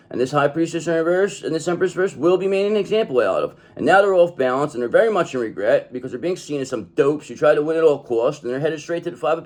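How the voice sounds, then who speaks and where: A man's voice: on the high side, darkish tone. A man giving a tarot reading in an emphatic, profane manner, often checking in with "okay?". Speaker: tarot reader.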